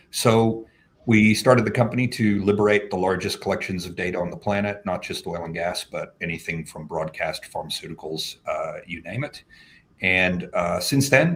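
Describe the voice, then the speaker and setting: A man with an American accent, a company founder and guest, talking casually on a video call in an upbeat, joking way. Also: low-pitched. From Australia. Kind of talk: casual livestream chat. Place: home, at night.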